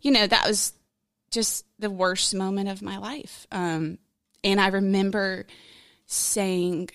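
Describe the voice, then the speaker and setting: A woman's voice: medium pitch, a little slow, a bit bright, no room sound, studio quality. A woman in a conversational interview, telling a personal story in a frank, candid, rambling way, full of fillers and emotion. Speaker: podcast guest.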